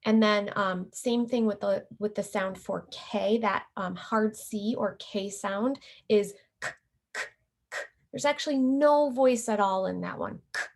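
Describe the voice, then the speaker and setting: A woman's voice: mid-range voice, a little slow, hardly any pauses. A middle-aged woman lecturing teacher candidates, explaining carefully and demonstrating letter sounds. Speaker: teacher educator. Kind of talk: recorded lecture.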